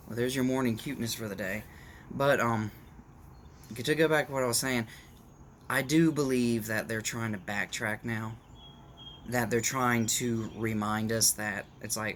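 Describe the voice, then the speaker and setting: A man's voice: mid-range voice, fairly even intonation, a little slow, fairly bright tone, slight background noise. A man talking casually to his viewers in a rambling opinion rant, with restarts and asides, recorded at home on a camera mic. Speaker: vlogger. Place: at home in the morning, dog nearby.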